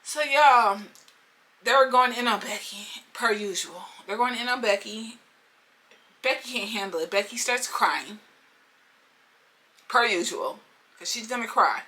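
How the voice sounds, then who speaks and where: A young woman telling a storytime vlog in an animated, slangy way, talking straight to her viewers. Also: on the high side, a little slow, pauses often. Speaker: storytime vlogger.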